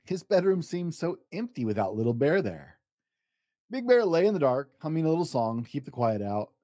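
A man hosting a storytime show, reading a children's picture book aloud with dramatic pauses. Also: dry recording, studio quality. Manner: expressive, dramatic pauses, lively pitch. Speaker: storytime podcast host and reader. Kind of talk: bedtime story read-aloud.

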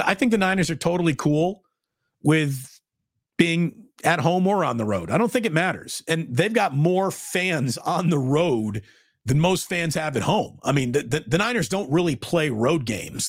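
A man's voice: a little high, slightly rough, no echo, studio quality. A middle-aged man co-hosting a sports talk show, emphatic and blunt in casual chat. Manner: emphatic, blunt, repeats himself.

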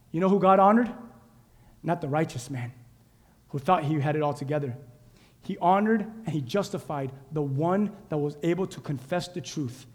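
A male pastor preaching an animated sermon, exhorting and calling out to his congregation. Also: a little high, a little fast, big-room sound. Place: church sanctuary.

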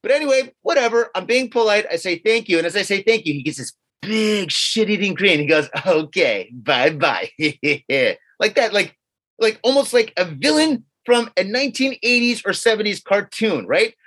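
A man's voice: sits high, brisk. A man co-hosting a podcast, telling a story casually and acting out what others said, with some swearing. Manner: animated, acts out quotes of others with swearing. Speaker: podcast co-host.

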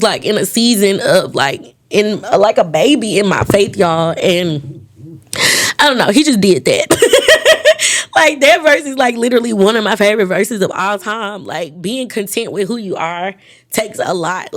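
A woman's voice: medium pitch, dry recording, studio quality. Emotional woman podcast host, casual. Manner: casual, emotional, laughs often. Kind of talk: casual faith podcast chat.

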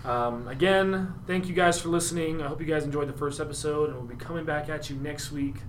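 A man's voice: a little high, a little fast, noisy background. A young man hosting a casual political podcast, talking loosely and laughing easily. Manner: conversational, hedging, laughs easily. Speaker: podcast host.

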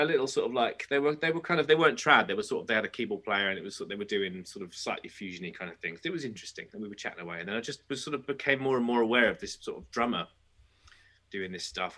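Middle-aged man, fast and bright, low-ish voice, animated storyteller. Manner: animated storyteller, quick restarts. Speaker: guest musician. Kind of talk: casual podcast chat.

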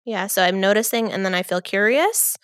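Woman, mid pitch, calm, affirming, step-by-step advice, dry sound. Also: a little fast, no room sound. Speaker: podcast co-host. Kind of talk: casual relationship advice talk.

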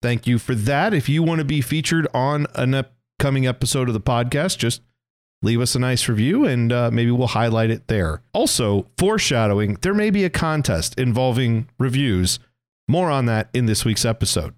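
A man's voice: medium pitch, lively intonation. Man, thirties, podcast host, casual, joking asides, basement recording. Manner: chatty, joking, quick asides.

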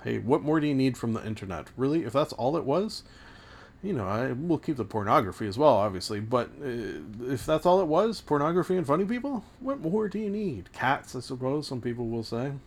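A man in his late thirties talks through his solo podcast in a loose, wandering way. He trips over his words and restarts often, poking fun at himself as he goes. His voice sits at an ordinary middle pitch. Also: very animated, a little fast. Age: late 30s. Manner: rambling, stumbling restarts, self-mocking asides. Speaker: podcast host. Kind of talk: casual solo podcast monologue.

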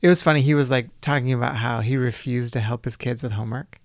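A man's voice: mid-range voice, steady tone, fast talker, no room sound, studio quality. A man co-hosting a casual church podcast, easygoing and agreeable, often chiming in with short yeses. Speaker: podcast co-host.

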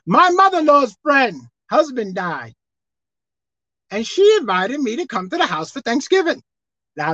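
A woman pastor preaching a sermon, swinging from soft, quiet asides to shouted emphasis. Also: high voice, dry recording. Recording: dull dry sound.

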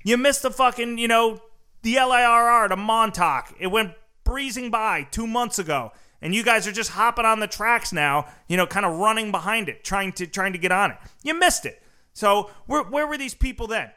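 A man's voice: sits high, pushed and bright, clean tone. A man hosting a podcast, ranting in a casual, heated way, swearing often and filling his speech with "like" and "you know.". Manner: profane, heated, fast-talking, lots of fillers. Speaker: podcast host. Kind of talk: casual conversational rant.

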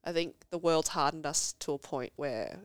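A woman's voice: low-pitched, normal speed, smooth, no room sound, studio quality. A woman in her thirties, a podcast guest chatting casually and telling stories with laughter and expression. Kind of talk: casual chat.

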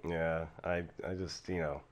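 A man co-hosting a podcast in casual chat, raspy from a cold, rambling with restarts and frequent laughs. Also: low-pitched, flat delivery, a little slow. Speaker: podcast co-host.

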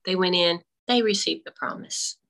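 A woman's voice: lowish voice, normal speed, gravelly, fairly bright tone, low-quality recording. A woman on a remote call through earbuds, telling a faith testimony in casual conversation and animatedly acting out her own dialogue. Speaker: guest. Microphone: AirPods.

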